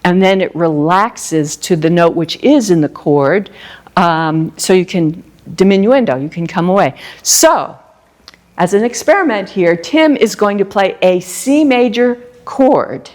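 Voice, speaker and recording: A woman's voice: on the low side, animated, measured pace, darkish tone. A woman flute teacher giving a masterclass, explaining phrasing, singing short phrases and asking the class questions. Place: music store event space.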